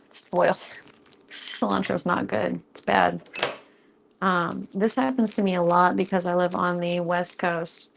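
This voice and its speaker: Give me a gravelly, chatty young woman streaming while she cooks. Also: lowish voice, fairly even intonation, a little hiss or hum. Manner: chatty and playful, jokes with chat, quickens when flustered. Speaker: streamer cooking live. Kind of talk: casual live-stream chat while cooking. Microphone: close studio mic.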